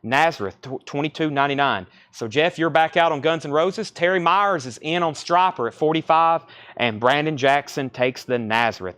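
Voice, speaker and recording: Fast-talking man running a live record sale. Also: medium pitch, fairly bright tone. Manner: rapid, brisk listing of records and prices. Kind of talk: fast live-stream sales patter. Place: record store.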